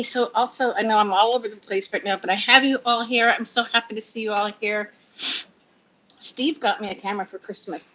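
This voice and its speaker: A woman in her fifties hosts a livestream from home, speaking at medium pitch in a fairly bright voice. Her rambling, emotional chat is scattered and confiding, and she laughs through her sadness. The lo-fi livestream audio carries slight background noise.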